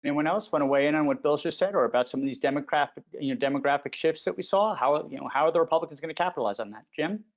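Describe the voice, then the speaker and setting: A man's voice: on the high side, very fast, hardly any pauses. A man moderating a political panel, posing questions conversationally and handing them off. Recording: muffled lo-fi audio.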